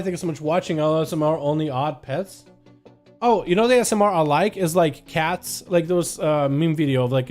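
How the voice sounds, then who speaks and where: A man with a fairly high voice streams live, calling plays and chatting with his viewers. He talks in a loose, slangy way, calling people dude and man. Faint music plays behind him. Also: a little mellow. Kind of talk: live game commentary and casual chat with viewers.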